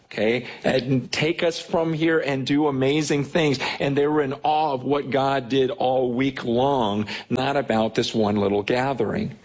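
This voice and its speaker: Husky animated male pastor preaching. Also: mid-range voice, a little slow, few pauses, rough recording. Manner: animated, stammering repeats when excited. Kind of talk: sermon.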